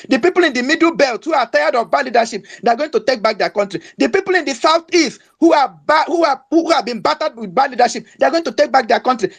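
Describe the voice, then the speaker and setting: Gravelly voice with a rallying cadence. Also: high voice. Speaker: speaker in a live audio space. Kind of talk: rousing political speech.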